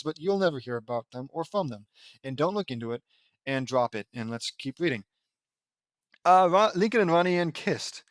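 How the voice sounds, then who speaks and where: A man's voice: fairly high pitch, animated, normal speed, dry recording. A man reading fan fiction aloud and breaking off into sarcastic, mocking commentary. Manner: sarcastic, mocking, easily exasperated.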